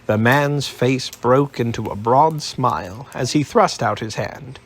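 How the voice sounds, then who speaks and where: A man narrating an audiobook in a steady, even storytelling manner. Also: mid-range voice, a little slow, few pauses.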